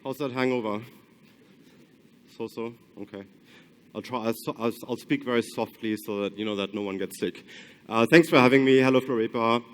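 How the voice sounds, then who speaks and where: A man's voice: medium pitch, fairly even intonation, a little fast, clean tone. A man from Germany with a German accent tinged with Australian, giving a conference talk and often hesitating with ums and restarts. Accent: German with some Australian. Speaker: conference speaker. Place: conference hall.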